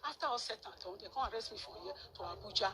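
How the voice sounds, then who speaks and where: A middle-aged woman with a Nigerian Pidgin accent, telling her own story in an interview, animated and repeating words for emphasis. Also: mid-range voice, racing. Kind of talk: emotional personal account. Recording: crowd noise behind.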